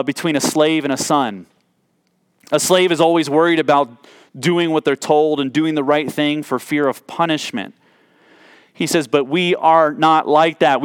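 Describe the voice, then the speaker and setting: A man's voice: on the high side, clear, resonant tone, no room sound, studio quality. A man in his thirties preaching a sermon as a pastor, earnest and reflective, often restarting and repeating words as he reaches for a phrase.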